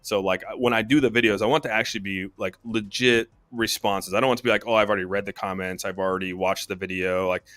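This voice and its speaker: A man's voice: fairly low pitch, fairly even intonation, fast talker, few pauses, fairly bright tone, dry recording. A man in casual chat, rambling and swearing a lot, saying "dude" often. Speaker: co-host.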